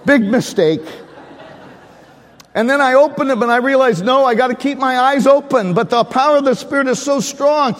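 High-voiced older pastor preaching fervently. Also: male voice, normal speed. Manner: earnest, fervent preaching with audience call-outs. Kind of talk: sermon. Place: church sanctuary. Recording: reverberant church hall.

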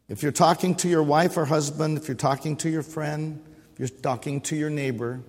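A husky-voiced middle-aged man preaches a sermon from the pulpit of a church. He leans on repetition and call-and-response, drawing amens from the congregation. His voice rings out into a long hall reverb. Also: fairly high pitch, darkish tone. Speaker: pastor. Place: church sanctuary.

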